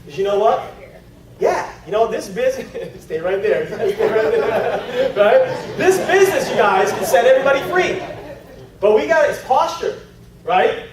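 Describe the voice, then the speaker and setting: High-voiced man speaking in an echoey hall. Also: moderate pace, distant mic. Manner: animated storytelling with acted-out voices. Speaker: network marketing trainer. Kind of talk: energetic seminar talk. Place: large meeting room.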